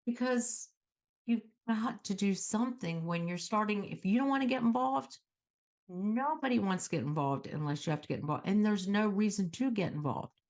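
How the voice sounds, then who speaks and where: A middle-aged woman hosts a self-help talk show. She coaches her viewers in an animated way and acts out calm phrases they can say to themselves. Her voice sits at an ordinary, middle pitch for a woman. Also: normal speed. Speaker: host.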